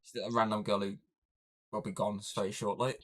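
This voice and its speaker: A man with a lowish voice talks through a film's plot in a relaxed podcast chat. He swears freely and keeps the recap rolling with jokes. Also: fairly quick. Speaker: podcast co-host. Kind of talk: casual movie recap chat.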